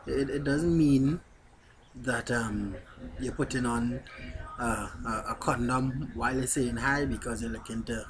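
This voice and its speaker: A man's voice: medium pitch, unhurried. Guy vlogging, blunt and straight up, middle voice, a bit of faint noise. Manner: blunt, candid, addresses viewers directly. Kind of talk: casual talk to camera.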